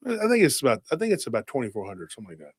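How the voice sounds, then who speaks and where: A man hosting a casual podcast, talking in an excitable, rambling way and firing off rhetorical questions. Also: mid-range voice, racing, husky, dry recording, clean studio sound. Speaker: host.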